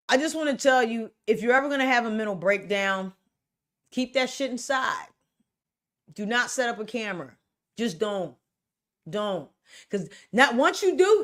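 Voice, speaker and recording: A young adult woman hosting her own show, talking bluntly and with plenty of swearing in a loose, animated solo rant. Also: mid-range voice. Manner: blunt, profane, animated rants with laughs. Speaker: podcast host. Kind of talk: casual solo commentary.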